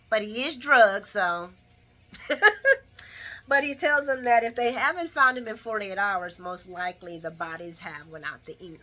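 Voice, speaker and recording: A woman talks through a daily soap recap in a bright, forward voice. She chats directly to her viewers, laughs easily and talks back at the characters with expressive flair. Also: mid-range voice. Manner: chatty, addresses viewers directly. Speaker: soap opera recap vlogger. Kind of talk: casual daily recap commentary.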